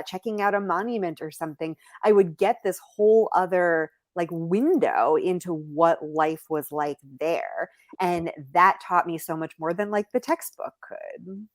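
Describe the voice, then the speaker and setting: A woman's voice: fairly low pitch, dry recording, clean studio sound. A woman from the United States talking casually as a podcast guest, telling stories full of fillers. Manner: animated storytelling with many fillers. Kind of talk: casual conversation.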